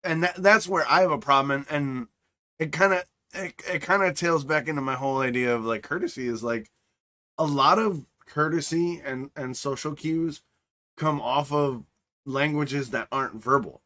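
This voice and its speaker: A middle-aged man co-hosting a podcast in casual chat, rambling and animated, acting out voices as he tells stories. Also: fairly high pitch, normal speed. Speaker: podcast co-host and streamer.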